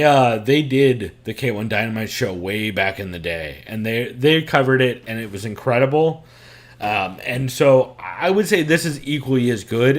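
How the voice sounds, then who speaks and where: Rambling, swearing podcast host guy. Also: mid-range voice. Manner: laughs often, rambling, swears freely. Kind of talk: casual podcast chat. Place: his own room at home.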